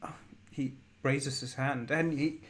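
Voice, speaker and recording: Male game master, unhurried delivery, mid-pitched, building dread slowly. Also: fairly even intonation, fairly bright tone. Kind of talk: narrating a horror tabletop game.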